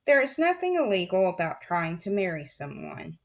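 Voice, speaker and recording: A woman's voice: lowish voice, sing-song, moderate pace, vocal fry. A woman voicing a scheming, menacing male count who talks grimly and insists on his way, in an audiobook reading. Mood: insistent. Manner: grim, insistent, roaring. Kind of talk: audiobook character voice.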